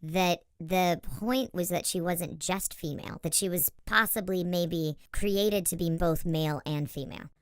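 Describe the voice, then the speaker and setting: A woman co-hosting a casual film chat, talking earnestly with quick asides. Her voice sits fairly low for a woman, and the sound is dry and close. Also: clear, resonant tone, dry recording. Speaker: podcast co-host. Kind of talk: casual movie review chat.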